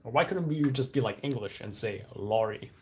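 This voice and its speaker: A man rambling through a casual live stream from a room at home, thinking aloud as he works. His voice sits at a middle pitch, and faint keyboard typing carries under his talk. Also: expressive, normal speed, darkish tone, slight background noise.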